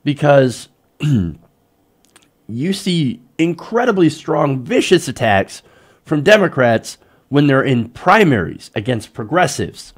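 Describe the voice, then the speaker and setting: A young man delivers fired-up political commentary. He is sarcastic and exasperated, and his voice jumps up and down in pitch as he talks. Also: big pitch swings, slow. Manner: heated, sarcastic, mocks politicians in put-on voices.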